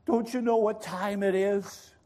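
A preacher putting on a grumpy householder woken at night, hollering gruffly through the door. He is cross and impatient. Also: high voice, fairly even intonation, unhurried, warm tone. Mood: irritated. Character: grumpy sleepy man yelling from bed.

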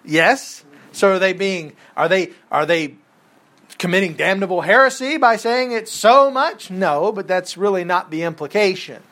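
Man, Bible class teacher; relaxed, chatty lecturing, voice sits a bit high, keeps asking the room questions. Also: moderate pace. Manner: conversational, quizzes the class with questions.

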